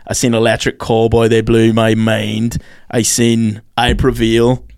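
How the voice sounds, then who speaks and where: A podcast host, talking in a relaxed, chatty way. He tells his stories with energy and swears freely. His voice sits at an ordinary pitch for a man. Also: measured pace, smooth. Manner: swears a lot, animated storytelling. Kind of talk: casual chat.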